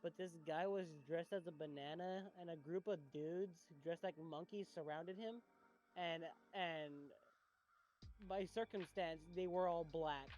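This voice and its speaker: A young man chatting as a podcast co-host, drunk, excitable, swearing and laughing a lot. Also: fairly high pitch, measured pace. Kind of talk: casual chat.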